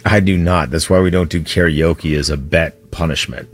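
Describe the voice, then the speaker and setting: A man's voice: sits low, fairly even intonation, moderate pace, soft background music. A man co-hosting a sports radio show, telling stories in a rambling, conversational way. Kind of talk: casual radio chat.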